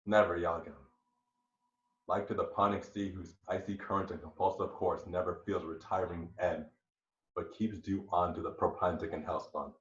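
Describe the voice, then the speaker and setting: A man reading the part of a jealous, vengeful male general in an amateur Shakespeare reading, swinging between hushed brooding and raging outbursts. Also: medium pitch, measured pace, echoey room, dull audio, lightly acted. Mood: jealous rage.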